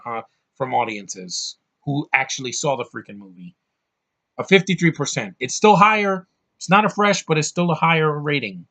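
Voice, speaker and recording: A man rants through a casual movie review, rambling and profane, in a voice of middling pitch. He swings between heated outbursts and muttered asides. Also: a bit bright.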